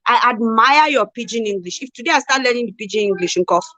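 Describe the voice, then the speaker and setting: A woman talks in a casual live chat, pressing her points with rhetorical questions. Her voice sits fairly high. The sound is close and dry, with no room around it. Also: fast, no room sound. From Nigeria. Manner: emphatic, animated, rhetorical questions. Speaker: co-host.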